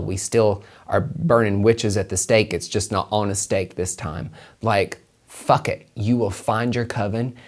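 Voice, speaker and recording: A man's voice: lowish voice, a little mellow. A man hosting a solo podcast on tarot and numerology, talking emphatically with plenty of swearing, repeating his points and calling the listener honey. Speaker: podcast host and tarot reader.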